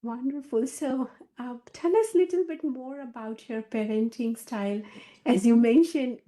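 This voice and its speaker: Host: woman with a fairly high, warm voice who asks gentle, encouraging questions. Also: normal speed. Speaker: interview host. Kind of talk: interview questions.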